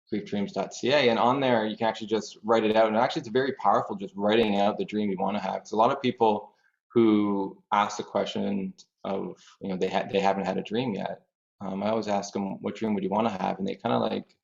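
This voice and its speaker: A man's voice: fairly low pitch, fairly even intonation, brisk, gravelly. A man, a grief dream researcher, explaining thoughtfully through examples as a podcast guest. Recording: dull lo-fi audio.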